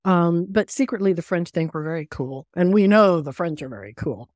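An older woman from the United States talks in a low, easy voice, telling stories as a podcast guest. She rambles cheerfully and laughs often. The recording is close and dry, with no room sound. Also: lively intonation, normal speed, darkish tone, dry recording. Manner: chatty, laughs often, tells anecdotes. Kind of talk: casual conversation.

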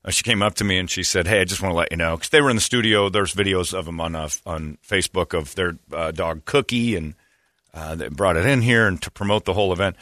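A man's voice: deep voice, fast talker, sharp tone, dry recording, studio quality. A man hosting a radio show, telling self-deprecating stories and acting out the people he quotes. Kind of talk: casual storytelling on morning radio.

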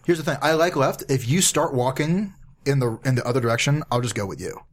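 A man's voice: mid-range voice, animated, quick pace. Wry, laughing man playing along. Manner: wry, self-deprecating, laughs often. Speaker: player. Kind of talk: casual comedic game play.

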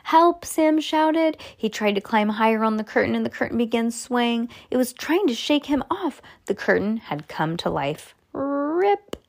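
A woman reading a children's chapter book aloud, lively and animated, her voice jumping high on the exclamations. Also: moderate pace, creaky, hardly any pauses. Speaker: storybook reader.

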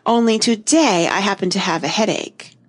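A woman's voice: mid-range voice, normal speed, natural voice. A woman reading an audiobook, voicing a quarrelsome, boyish twin brother who flies into fits of temper. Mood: fussy. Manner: fussy and easily enraged. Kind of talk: audiobook character voice.

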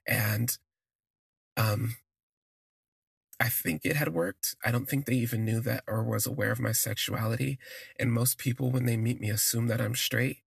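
A man narrates a personal story for his podcast in a relaxed, conversational way. He lingers on his words and drops in fillers as he goes. His voice is gravelly and a little husky, and it sounds close and dry with no room sound. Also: mid-range voice, normal speed, no echo.

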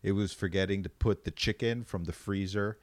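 A man's voice: low-pitched, fairly even intonation, a little fast, no echo, studio quality. A man co-hosting a podcast in casual chat, laid-back and joking, with some swearing. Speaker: podcast co-host.

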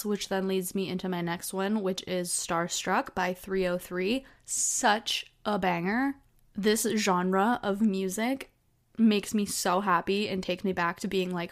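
A woman in her twenties hosting her own podcast, telling stories in a chatty, casual way with lots of fillers. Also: mid-range voice. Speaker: podcast host. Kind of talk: casual solo chat.

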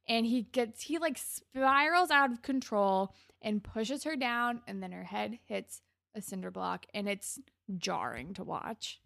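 A woman's voice: medium pitch, a little slow, vocal fry, dry recording, studio quality. A young woman in casual chat, animatedly retelling a show's scenes and acting out the characters' lines. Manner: animated retelling with acted-out quotes, lots of "like". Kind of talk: casual chat recapping a show.

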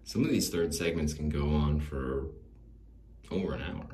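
Guy with a super deep voice rambling solo on his podcast, self-deprecating and wistful, roomy echo and faint hiss. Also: moderate pace, mellow. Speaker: podcast host. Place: small home studio.

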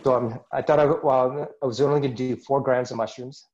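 A man's voice: mid-range voice, steady tone, brisk, a little mellow, lo-fi sound. A man, a podcast guest, earnestly telling a personal story in conversation and acting out his own inner dialogue.

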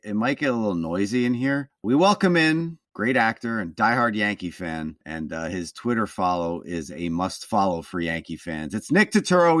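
A man's voice: fairly low pitch, a bit bright, no echo. Easygoing male podcast host, dry sound. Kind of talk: podcast hosting.

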